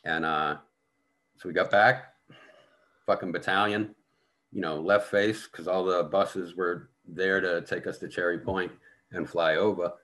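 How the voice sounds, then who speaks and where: A man's voice: low-pitched, steady tone, a little slow, a bit bright. A man telling a war story in casual talk, blunt and full of profanity. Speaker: guest.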